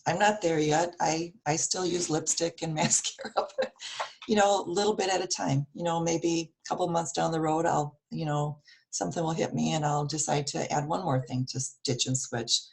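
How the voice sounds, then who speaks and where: A Wisconsin woman with a low, gravelly, hoarse voice appears as a guest wellness speaker at a casual online meetup. Her tone is steady, slightly mellow, and moderately paced as she gives earnest advice packed with ums and uhs. The video call audio has dropouts.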